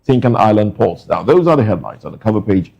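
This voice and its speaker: A man's voice: lowish voice, big pitch swings, fast, gravelly, dull audio. Man reading newspaper headlines. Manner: reads headlines in clipped bursts with brief asides. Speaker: news show co-host.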